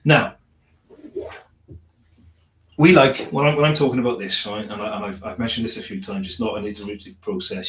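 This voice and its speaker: A man's voice: on the low side, fairly even intonation, brisk, long pauses, fairly bright tone, distant mic, slight background noise. A man giving an upbeat technical presentation at a conference, often checking in with "right?" tag questions. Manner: upbeat, motivational delivery. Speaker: conference speaker. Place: conference room. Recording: roomy conference room echo.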